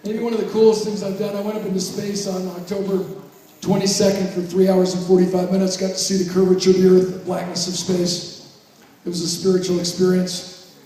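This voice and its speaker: A man in his fifties giving an emotional, reflective reunion speech with jokes and slow pauses. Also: sits high, monotone, dark tone. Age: 50s. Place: large reunion hall. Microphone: handheld microphone heard from far off. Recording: echoey hall from far off.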